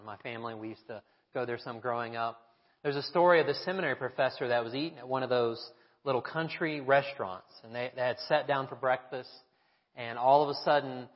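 A pastor delivering a sermon, telling stories and asking the congregation rhetorical questions. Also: male voice, mid-range voice. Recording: echoey hall, dull lo-fi sound.

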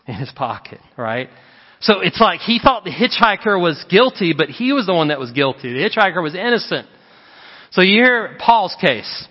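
A man preaching to his congregation, his voice sitting a little high for a man. The sound is dull and muffled, and it rings out with a long hall echo from the church. He tells his stories with lively, acted-out quotes. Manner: animated storytelling with acted quotes. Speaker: pastor. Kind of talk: sermon. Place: church sanctuary.

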